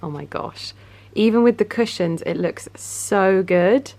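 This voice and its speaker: A woman's voice: medium pitch, measured pace, darkish tone. A woman, chatting casually at home in a gushing, rambling way as a lifestyle vlogger. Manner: gushing, rambling, searches for words. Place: home, indoors.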